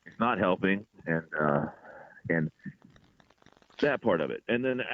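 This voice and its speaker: A man, a comedian being interviewed, telling stories in an exasperated, animated way. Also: low voice, measured pace. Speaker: comedian guest. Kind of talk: casual interview chat. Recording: tinny phone-like line.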